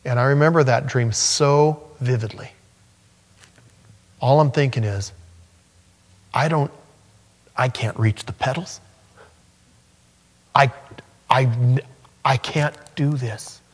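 A male pastor preaching a sermon, earnest and animated, his voice climbing high when he acts out the scripture. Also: takes it slowly, pauses often, slightly rough. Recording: long hall reverb.

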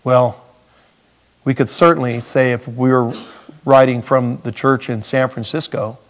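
A man's voice: mid-range voice, steady tone, a little slow. A man preaching a sermon as pastor in a church, earnest and folksy with touches of humor.

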